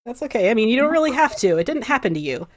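A woman's voice: a little high, big pitch swings, rapid-fire, pitched above the performer's own voice. A woman voicing a wry young male mage who is dry and sarcastic and mocks himself. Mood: earnest. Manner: dry, sarcastic and self-deprecating.

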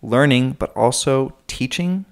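A young man from North Carolina co-hosting a casual podcast, telling things in a relaxed, animated way with quick asides. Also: mid-range voice, creaky. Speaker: podcast co-host. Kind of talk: casual conversational podcast chat.

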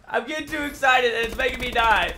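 A young man with a very high, bright voice, narrating his game in an excitable, trash-talking way. He laughs a lot between shots. Faint game noise sits behind him. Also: fairly quick. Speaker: gaming YouTuber. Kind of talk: live gameplay commentary.

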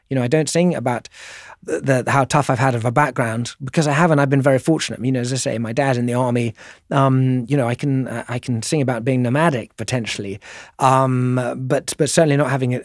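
A man's voice: mid-range voice, dry recording, studio quality. A middle-aged man with a posh English accent, chatting as an interview guest in a rambling, self-deprecating way. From England. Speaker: guest musician. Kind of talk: casual interview conversation.

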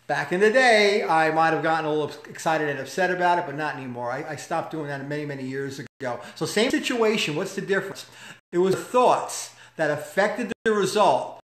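A man delivers a motivational talk in an emphatic, conversational way, often asking rhetorical questions. His voice sits fairly high for a man. The recording has a roomy echo. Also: a bit bright. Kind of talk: motivational talk with personal story. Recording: echoey room.

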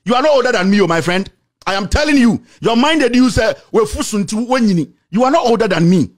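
A man with a Ghanaian accent delivering an angry, insulting rant to the camera, repeating himself and shouting. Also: high-pitched, lively intonation, quick pace. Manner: shouting, insulting, repetitive tirade. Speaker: political commentator.

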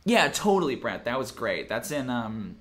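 A man's voice: mid-range voice, big pitch swings, moderate pace, fairly bright tone. A young man from Minnesota hosting a casual game-design stream, reading viewer comments and thinking aloud with lots of fillers and restarts. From Minnesota, USA. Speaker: game master and show host.

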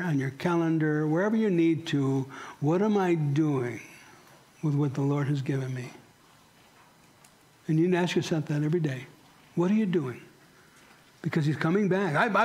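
Preaching with heartfelt conviction in a church sanctuary, a male pastor with a slightly high, somewhat mellow voice keeps addressing direct questions to his congregation.

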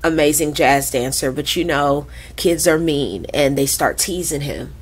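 A woman in her forties, a podcast guest who tells stories in a lively, profane way and acts out the voices of people she quotes. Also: low voice, a little slow. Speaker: podcast guest, krump dancer. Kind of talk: animated storytelling in conversation.

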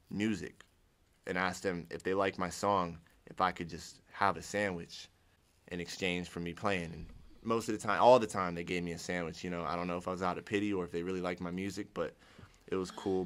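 A low, fairly bright-toned voice belongs to a young Ohioan recounting his personal testimony. His telling is casual and rambling, full of restarts and performed versions of his earlier words.

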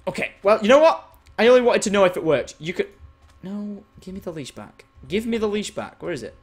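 A young man chats to his viewers while playing a game, excitable and quick to swear. His voice sits a little high, and his pitch leaps about constantly. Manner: excitable, swears freely, bursts into shouts and silly singing. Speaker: gaming video host.

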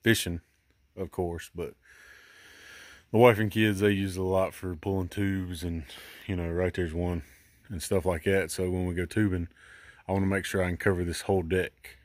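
A man's voice: sits low, level tone, moderate pace, no room sound, clean studio sound. A middle-aged man hosting a DIY video, casually thinking aloud about his work with lots of ums and uhs, recorded outdoors by a boat. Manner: rambling, thinking aloud with many fillers. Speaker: DIY channel host. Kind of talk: casual how-to explaining.

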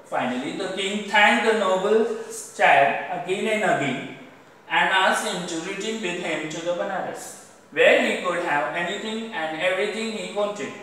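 Man teacher with an Indian accent, high-pitched, recorded from a distance in an echoey room, reads a story aloud and explains vocabulary. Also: normal speed, bright, forceful tone, a little hiss or hum. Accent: Indian English. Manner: repeats "underline the word" between sentences. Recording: echoey room, voice far from mic.

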